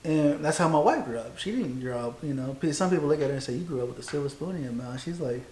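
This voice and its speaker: A man's voice: fairly high pitch, lively intonation, fast talker, a little mellow, a little hiss or hum. A man in his forties hosting a casual podcast chat, rambling in a loose, profane way with lots of fillers. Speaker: podcast host, Marine veteran. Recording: echoey room.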